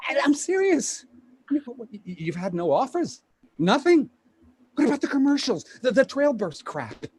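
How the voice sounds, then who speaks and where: An actor playing a pushy, fast-talking male Hollywood agent in a live play reading over a video call, with rapid, stammering sales patter. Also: very high voice, big pitch swings, darkish tone, husky, full character voice. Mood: salesy. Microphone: home computer mic on a video call.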